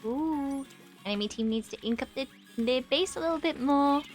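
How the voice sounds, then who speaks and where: A woman's voice: sits high, normal speed, faint music behind. A woman in her twenties chatting casually on a live stream while she plays, reading chat aloud and laughing often. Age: 20s.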